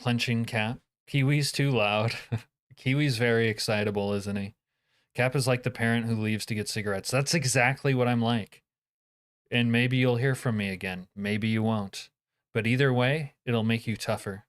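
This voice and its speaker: A man's voice: mid-range voice, fairly even intonation, moderate pace. A man live-streaming a game, chatting casually with his viewers, profane and joking, grumbling when things go wrong.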